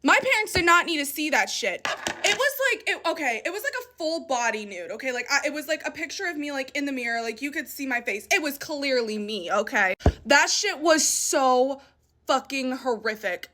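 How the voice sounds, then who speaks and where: A young woman with a high voice tells a story from her own life in a casual, animated way. She swears freely and sounds indignant. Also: moderate pace, slight background noise.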